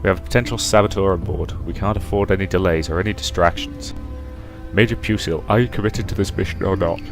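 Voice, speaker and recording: Deep-voiced man reading a game aloud. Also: fairly even intonation, fast talker, over music. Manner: reads all characters' lines with shifting pitch and loudness. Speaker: game let's-player. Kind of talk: reading a visual novel aloud, voicing characters.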